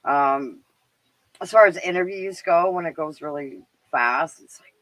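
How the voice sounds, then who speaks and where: Bright-voiced Canadian woman chatting casually. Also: low voice, measured pace, no echo, poor audio. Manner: rambling and chatty, with many fillers and frequent laughs. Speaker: livestream show host. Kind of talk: casual live-stream chat.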